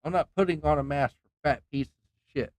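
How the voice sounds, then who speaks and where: A man's voice: fairly high pitch, brisk, no room sound. A man streaming a game, telling a rambling story in a heated, profane way, with many restarts. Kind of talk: casual ranting story while gaming.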